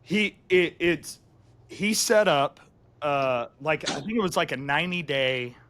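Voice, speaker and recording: A man co-hosting a podcast, speaking in a relaxed, conversational way. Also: fairly high pitch, slow pace. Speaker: podcast co-host. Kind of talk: casual podcast chat.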